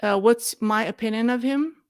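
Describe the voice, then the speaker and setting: A woman hosting a live show and answering viewer questions in a thoughtful, halting way. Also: fairly high pitch, dry recording, studio quality. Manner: thoughtful, halting, with restarts and soft laughs.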